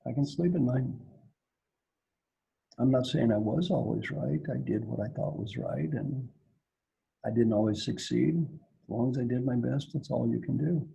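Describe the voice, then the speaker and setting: Coaching leaders in an online Q&A, this man spins stories and gives each character an animated performance. He speaks at a moderate pace in a mid-range, creaky, husky voice, leaving long pauses, and the recording is muffled.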